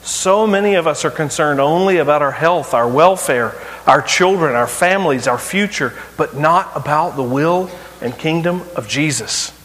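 A man's voice: on the high side, normal speed. Emphatic preacher man in echoing hall. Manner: emphatic, rhetorical questions, swings between loud and hushed. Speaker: pastor. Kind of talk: sermon. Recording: long hall reverb.

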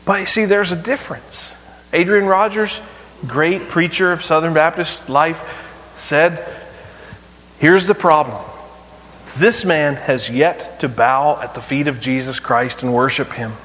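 A man's voice: a little high, measured pace. Emphatic preacher man in echoing hall. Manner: emphatic, rhetorical questions, swings between loud and hushed. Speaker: pastor. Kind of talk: sermon. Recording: long hall reverb.

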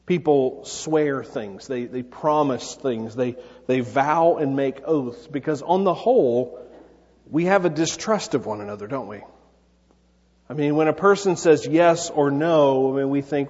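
Husky male preacher in a reverberant hall. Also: mid-range voice, a little mellow. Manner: earnest, conversational preaching with quick playful asides. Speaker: pastor. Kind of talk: sermon. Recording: dull long-reverb hall sound.

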